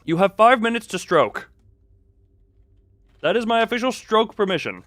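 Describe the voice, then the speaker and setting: A man talking casually on a live game stream, his pitch bouncing around as he jokes and riffs off his chat. His voice sits a little high and very animated, recorded close and dry on a desk mic with quiet game music behind him. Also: moderate pace, dry recording. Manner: joking, rambling, lively reactions to chat.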